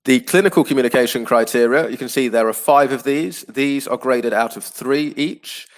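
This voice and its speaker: A man teaching an online class, explaining patiently and clearly, with frequent ums and uhs. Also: medium pitch, moderate pace.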